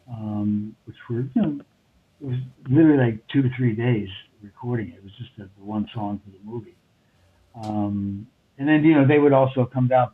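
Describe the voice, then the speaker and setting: Older New York man on a tinny phone line. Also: mid-range voice. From New York City. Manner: meandering, many fillers and restarts. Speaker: guest, recording engineer. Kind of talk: rambling anecdotal storytelling.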